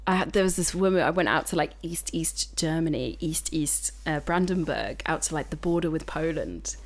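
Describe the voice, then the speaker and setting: A woman from the United Kingdom talks casually as a podcast guest, her voice sitting a little on the low side. She rambles through asides and swears freely. Her delivery stays frank and conversational. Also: lively intonation, moderate pace. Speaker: guest climate activist. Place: indoor recording.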